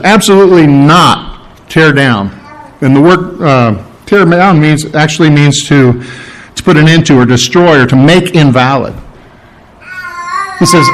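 A middle-aged pastor delivering a sermon in an easy, conversational manner and putting questions to the congregation as he goes. His voice sits a little higher than most men's. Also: poor audio.

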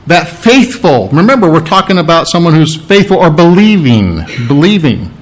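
A middle-aged man preaching a sermon in a plain, folksy way, often repeating words, restarting phrases and clearing his throat. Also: fairly high pitch, sing-song, normal speed, rough recording. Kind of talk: sermon teaching.

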